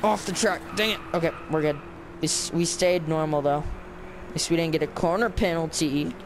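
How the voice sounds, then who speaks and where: A man's voice: on the high side, normal speed. A man giving casual, sarcastic let's-play commentary while grumbling at the game. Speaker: gameplay commentator. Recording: clear background noise with game car sounds.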